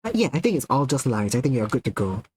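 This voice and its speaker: A fast-talking man with a slightly rough mid-range voice streams live, casually and excitedly chatting with viewers and laughing often while cursing freely. The low-quality recording is dry.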